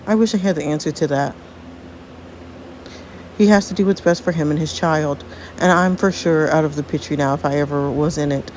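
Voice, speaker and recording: A woman voicing a polite, heartbroken teenage girl who speaks with quiet resignation. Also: deep voice, brisk, pauses often, slight background noise, close to an everyday voice. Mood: resigned.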